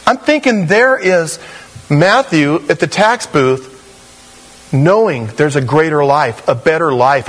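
This preacher's sermon is built on personal anecdotes, and he brings quoted speakers to life by swinging animatedly from a high voice to a low one.

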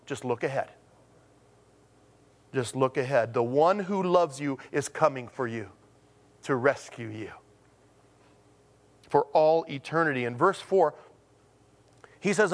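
A man preaching from the pulpit, his voice sitting a bit higher than most men's. He tells stories with animated, acted-out quotes, then slows to a firm, deliberate pace to drive home each point. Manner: animated storytelling, acts out quotes with sudden pitch jumps; slows to a deliberate, emphatic delivery on key points. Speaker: pastor. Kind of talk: sermon.

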